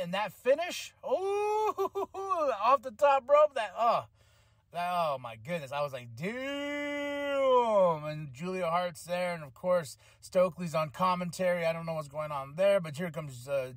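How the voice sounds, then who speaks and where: In a casual review chat, a man who hosts a wrestling podcast talks through his recap in an excitable, rambling way, restarting often and leaning on fillers. He's slightly high-pitched for a male speaker, captured close-up and dry, without any echo or room.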